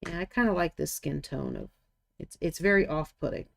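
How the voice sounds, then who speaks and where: A woman's voice: on the low side, fairly quick, gravelly. A woman hosting a live miniature painting stream, chatting casually and thinking aloud as she works. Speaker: livestream painting host. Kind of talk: casual livestream chat while painting.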